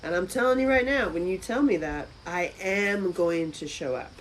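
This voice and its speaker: A woman hosting a live stream from a friend's house, chatting casually with viewers, with loud exclamations and soft asides. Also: lowish voice, normal speed, slight background noise, poor audio.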